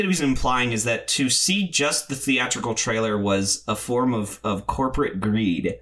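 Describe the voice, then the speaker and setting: A young man telling a rambling party story in casual chat, stammering through restarts and breaking into loud shouts when he quotes himself. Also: mid-range voice, moderate pace, few pauses.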